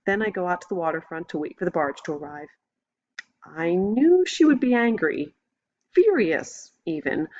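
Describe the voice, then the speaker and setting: Low-voiced woman reading a novel aloud. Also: darkish tone. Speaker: audiobook narrator. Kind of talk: first-person novel narration. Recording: dull lo-fi recording.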